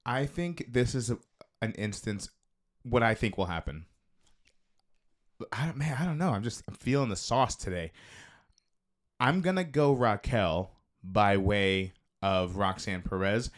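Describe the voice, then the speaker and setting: A man's voice: lowish voice, expressive, measured pace, pauses often. A man co-hosting a live stream in casual chat, teasing his co-host and swearing freely. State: feeling hot.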